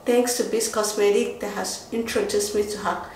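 A woman in her thirties chatting excitedly to her phone camera at home in a casual vlog, stopping and restarting her sentences. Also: mid-range voice, normal speed, a little hiss or hum. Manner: chatty, excitable, self-interrupting. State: out of breath. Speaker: vlogger.

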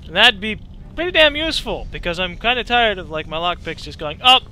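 A young man rambling through casual gameplay commentary, excitable and profane. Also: high voice, quick pace. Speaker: let's play gamer.

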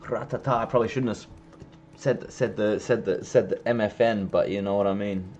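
A man's voice: on the low side, brisk, a little mellow, lo-fi sound, slight background noise. A young man giving casual, joking commentary while streaming a game, swearing now and then.

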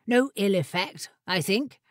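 A woman voicing a genial, brisk male court wizard in an audiobook, with an airy, offhand manner. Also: medium pitch, animated, no echo, studio quality, close to an everyday voice. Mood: breezy. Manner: breezy and offhand. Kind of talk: audiobook character voice.

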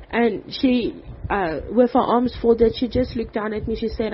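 A woman gives a personal faith testimony. She speaks haltingly and fills her pauses with "like" and "um". The recording is dull and lo-fi, with a faint hiss behind her. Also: fairly high pitch. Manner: halting, with frequent "like" and "um".

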